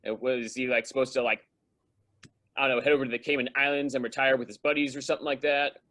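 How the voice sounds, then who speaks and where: A man's voice: medium pitch, little pitch movement, quick pace, bright, forceful tone. A man co-hosting a fan panel, asking detailed questions hesitantly with many fillers. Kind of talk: casual chat.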